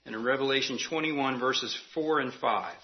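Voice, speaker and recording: A man's voice: medium pitch, moderate pace, highs cut off. A man preaching a sermon as pastor, earnest and emphatic, repeating key phrases for weight.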